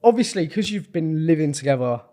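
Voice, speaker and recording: A man co-hosting a podcast, chatting casually with quick, laughing interjections. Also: fairly high pitch, animated, warm tone. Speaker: podcast co-host. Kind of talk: casual chat.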